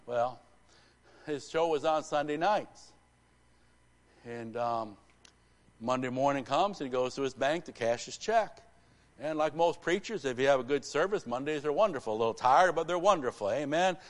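A male pastor delivering a live church sermon with emphatic repetition, swinging from hushed lines to rousing ones. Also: medium pitch, expressive, normal speed. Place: church sanctuary.

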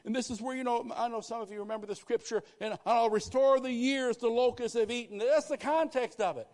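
In a church, a male pastor preaches a sermon in an extremely high, slightly fast voice, shifting from loud, rising exhortation to hushed, quiet confession. He often speaks in quoted prayers and repeats phrases.

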